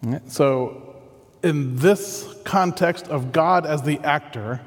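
Man, pastor giving a sermon; slightly high voice, earnest and chatty, with a long hall echo. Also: takes it slowly. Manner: earnest, conversational, thinking aloud.

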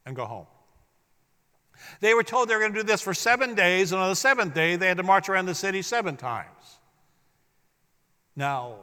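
Pushed and bright, this man's voice sits on the high side as he preaches. He's a pastor delivering a sermon in an echoey hall and has the congregation echo his lines in call-and-response.

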